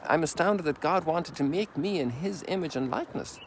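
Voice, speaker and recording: Walking outdoors at sunrise, a sixty-something priest from Ireland speaks at a moderate pace in an expressive, somewhat high voice, with a little hiss or hum on the recording. His casual, meandering sermon is full of homely asides.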